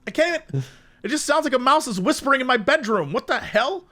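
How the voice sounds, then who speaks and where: This young podcast co-host has a very high voice and talks fast. His casual chat is full of lively storytelling, complete with mimicked voices for each character.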